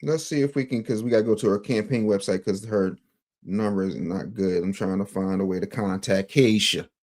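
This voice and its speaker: A man's voice: lowish voice, brisk, a little mellow. An American man hosting a morning news livestream, talking bluntly and sarcastically while reading the chat. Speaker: morning news show host.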